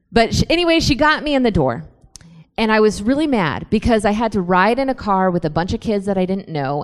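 A young adult woman giving a personal faith testimony to a young audience, moving from quiet storytelling into impassioned, rising preaching. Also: lowish voice. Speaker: speaker at a youth church event.

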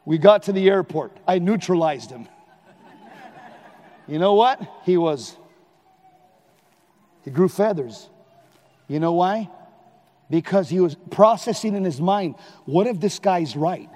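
Catholic guy preaching live, high voice, punchy and loud at times, echoey hall. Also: unhurried, pauses often. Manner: animated, emphatic, at times shouting. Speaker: Catholic lay speaker.

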